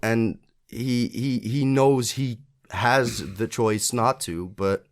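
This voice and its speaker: Here a man co-hosts a podcast, chatting casually about a TV episode in a medium-pitched, steady voice at a slow pace. He works things out aloud, frequently restarting and using fillers.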